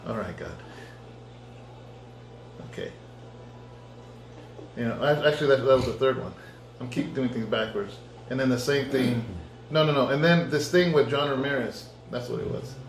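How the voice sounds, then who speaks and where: A man, a pastor, giving a conversational sermon testimony and acting out his own dialogue in lively storytelling. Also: mid-range voice, a little fast, a little hiss or hum. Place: church. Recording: echoey room.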